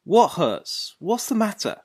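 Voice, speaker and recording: A woman's voice: mid-range voice, big pitch swings, slow pace, darkish tone, slightly rough, dry recording, clean studio sound, exaggerated voice. A woman voicing Jack, a careless and easily irritated man on the phone, in a dialogue drama reading. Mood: impatient. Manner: brusque, offhand and easily irritated. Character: careless, impatient man on a bad long-distance phone line.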